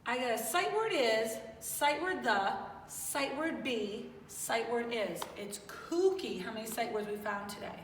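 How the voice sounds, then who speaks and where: A woman's voice: fairly high pitch, lively intonation, a little slow, slight background noise. A woman teaching young children in an online class in an upbeat, coaxing, sing-song manner. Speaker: kindergarten teacher. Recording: roomy echo, distant mic, faint ambience.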